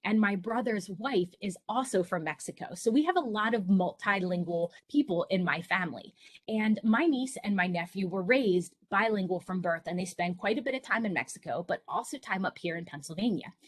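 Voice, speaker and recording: A woman's voice: medium pitch, lively intonation, brisk, no echo. A middle-aged woman presenting to parents over a video call, telling personal stories in an earnest, encouraging way. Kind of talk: online presentation for families.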